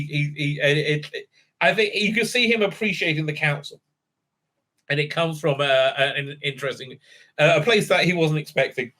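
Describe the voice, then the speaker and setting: A man's voice: on the high side, sharp tone. A man giving a casual spoiler recap and review of a TV episode, rambling with lots of fillers and "right?", breaking into enthusiastic praise. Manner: rambling, heavy fillers, keeps asking "right?". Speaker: TV show reviewer.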